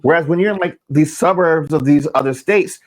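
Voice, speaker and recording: A man's voice: on the high side, fairly quick. A man co-hosting a talk show, chatting casually and agreeably. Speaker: co-host. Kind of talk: casual chat.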